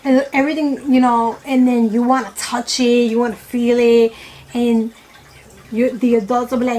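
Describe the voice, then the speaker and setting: Rambling woman vlogger, slightly high voice. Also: little pitch movement, moderate pace, dark tone, low-quality recording. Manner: rambling, with many "you know" fillers and self-corrections. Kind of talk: casual opinion chat while eating.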